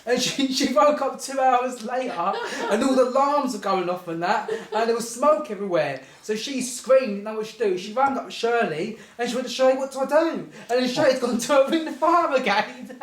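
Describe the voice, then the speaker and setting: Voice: medium pitch, expressive, normal speed, hardly any pauses. Rambling storyteller in an echoey room. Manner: rambling, keeps saying "anyway", giggles through the telling. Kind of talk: rambling comic anecdote.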